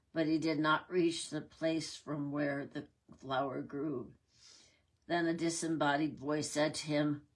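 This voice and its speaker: A woman reading a retold myth aloud in a measured, reverent way. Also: low-pitched, slightly rough. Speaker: reader.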